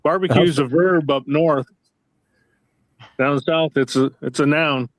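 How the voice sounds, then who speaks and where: A man joining a livestream in casual chat, making quick wry quips. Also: on the high side, no room sound. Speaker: livestream participant.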